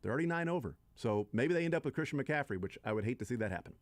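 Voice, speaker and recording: A man's voice: medium pitch, expressive, very fast, dry recording. A man hosting a casual sports talk radio show, rambling with restarts and trailing asides into a studio microphone.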